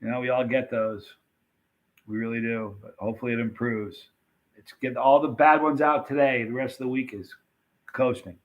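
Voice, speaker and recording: A man hosting a casual live stream, reading viewer comments and rambling excitedly about old movie scenes. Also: mid-range voice, moderate pace, phone-quality sound. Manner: chatty, rambling, animated retelling of movie scenes.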